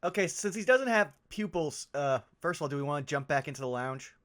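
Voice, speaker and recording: Bright-voiced male tabletop player. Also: a little high, animated. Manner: quick reactions, describes his character's actions. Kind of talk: casual tabletop game chat.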